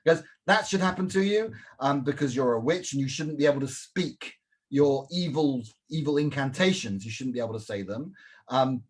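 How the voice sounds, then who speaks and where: A man explaining a page of Talmud, animated and repeating himself, often checking in with "right?". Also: mid-range voice, normal speed. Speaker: Talmud teacher.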